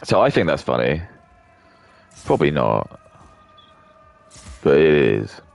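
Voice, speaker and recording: A man's voice: extremely low pitch, very animated, slow, vocal fry, darkish tone. A man streaming a game, talking casually in a sarcastic, rambling way and swearing often. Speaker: gaming streamer. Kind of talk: casual gameplay commentary.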